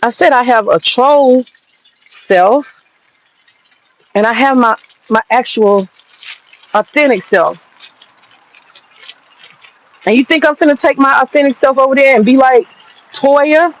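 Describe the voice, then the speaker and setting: This American woman hosting a livestream has a high voice, takes her time, and leaves long pauses. She reads the chat while ranting with blunt profanity, and the audio has its highs cut off.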